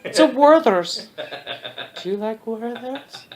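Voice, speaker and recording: A man's voice: extremely high pitch, expressive, slow, darkish tone, slight background noise, voice pushed up, heavily acted. A man voicing a creepy, overly kind old woman who talks sweetly and suggestively.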